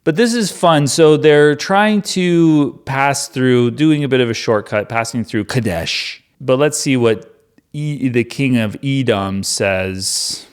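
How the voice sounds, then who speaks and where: A man's voice: mid-range voice, takes it slowly, clean tone. A man reading the Bible aloud and musing over it in casual commentary, wondering aloud and saying "like" a lot. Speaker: Bible reader and host.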